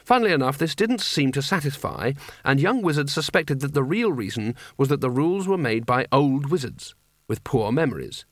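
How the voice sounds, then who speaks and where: A man's voice: medium pitch, animated, normal speed, dry recording. A man reading a comic fantasy story aloud with dry, wry delivery. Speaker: narrator. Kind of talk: audiobook narration.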